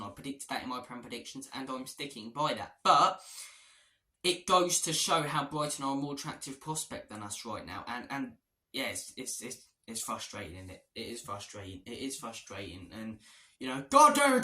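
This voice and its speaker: A man's voice: mid-range voice, sharp tone. A man, a football fan vlogger giving transfer news in an exasperated, repetitive rant. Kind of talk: ranting transfer-news vlog. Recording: roomy echo.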